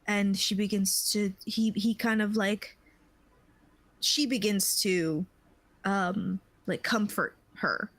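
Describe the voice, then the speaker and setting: A woman narrating a tabletop game as game master, unhurried and searching for words. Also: mid-range voice, fairly even intonation, a bit bright, dry recording, poor audio. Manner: unhurried, with many fillers and restarts.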